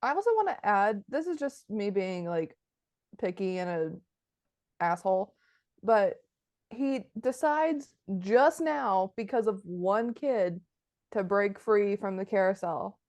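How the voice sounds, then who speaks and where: A woman's voice: medium pitch, expressive, slow pace, darkish tone, no echo. A woman co-hosting a podcast, chatting casually and giggly about a film over a video call. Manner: chatty, giggly, lots of restarts. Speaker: podcast co-host. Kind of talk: casual chat reviewing a film.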